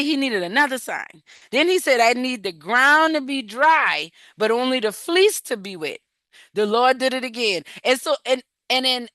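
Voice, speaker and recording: A woman coaching a support group, retelling scripture in an animated, encouraging, conversational way. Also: a little high, no room sound. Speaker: emotional wellness coach leading a support group. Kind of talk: faith-based coaching talk retelling scripture.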